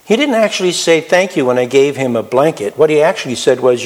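A man preaching a sermon in an earnest storytelling manner, slowing down to stress key words. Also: fairly high pitch, expressive. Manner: earnest, storytelling, slows for emphasis.

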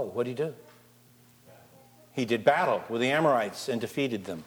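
A man preaching a sermon, reading scripture and putting lively questions to his congregation. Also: medium pitch, normal speed. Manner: animated, asks the congregation questions. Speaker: pastor. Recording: long reverb of a large hall.

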